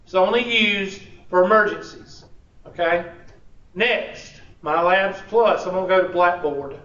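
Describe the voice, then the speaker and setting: A man's voice: high-pitched, unhurried, a bit bright. A man, teaching a college class in a casual, joking way. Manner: casual, joking, drawling with y'all. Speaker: college instructor. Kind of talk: classroom instruction. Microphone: room recording from a distance. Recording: echoey, distant, dull classroom recording.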